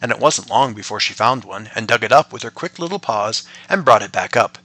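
A man reading a bedtime story aloud, gentle and playful, as a father and podcast storyteller. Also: fairly low pitch, lively intonation, fairly quick, no room sound.

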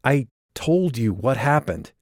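A man playing a wry, gentle young ghost. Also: medium pitch, sing-song, slow, no echo, clean studio sound, pitched above the performer's own voice.

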